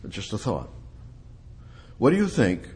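A male preacher delivering a sermon, asking rhetorical questions and building up to emphatic, high-pitched peaks. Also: huge pitch swings, a little slow, a little mellow, slightly rough.

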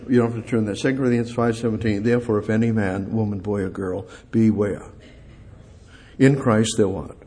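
A man's voice: on the low side, warm tone, a little hiss or hum. A male preacher delivering a sermon, emphatic, repeating key words and putting questions to his congregation.

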